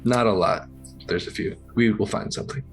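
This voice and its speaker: Low-voiced male player, soothing in character, light guitar behind. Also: fairly quick, gravelly, poor audio. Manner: soothing, calm. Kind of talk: in-character role-play.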